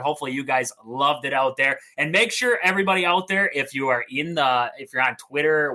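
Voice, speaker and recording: A man hosting a casual sports podcast, excitable and rambling, often repeating himself. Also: mid-range voice. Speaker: podcast host.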